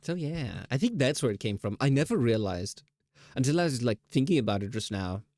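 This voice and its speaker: A man's voice: mid-range voice, very animated, a little fast, a little mellow, dry recording, studio quality. A man streaming live, chatting casually in a rambling, self-teasing way with laughs.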